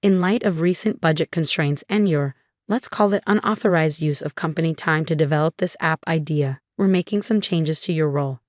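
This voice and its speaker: A woman's voice: deep voice, brisk, no room sound, studio quality, natural voice. A woman voicing a cold, condescending male company boss in a narrated story, speaking in curt, cutting lines. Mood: cold, dismissive. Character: cold dismissive male tech CEO.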